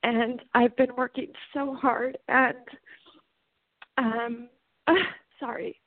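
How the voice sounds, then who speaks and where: A woman calling in to a show, a bit hesitant, with many ums and pauses. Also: a little high, level tone, dry recording. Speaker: caller. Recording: phone-like line.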